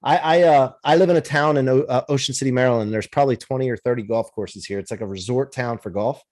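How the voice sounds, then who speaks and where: A man's voice: mid-range voice, fast talker, a little mellow. A man from the United States hosting a casual interview podcast, chatty and loose, often restarting with "uh" and "like". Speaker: podcast host.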